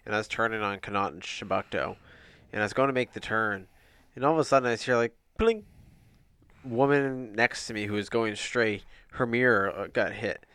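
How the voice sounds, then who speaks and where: A man with a lowish, smooth, resonant voice, chatting casually. He retells his run-ins with an indignant edge, recorded close with no room sound. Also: moderate pace, bright, forceful tone, no room sound. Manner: indignant storytelling. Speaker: podcast co-host. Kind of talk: casual chat.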